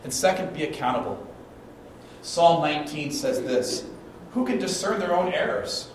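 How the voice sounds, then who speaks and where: Pastor preaching in an echoey church. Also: male voice, on the high side, lively intonation, moderate pace, slight background noise. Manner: storytelling preacher, acts out quotes, dynamic swings in volume. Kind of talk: sermon. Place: church sanctuary. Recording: echoey church hall, mic at a distance.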